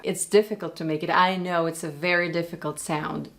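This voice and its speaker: A woman's voice: lowish voice, moderate pace, hardly any pauses. A Russian-accented woman from Russia teaching pronunciation, demonstrating sounds by repeating words and single sounds. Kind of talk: pronunciation lesson commentary.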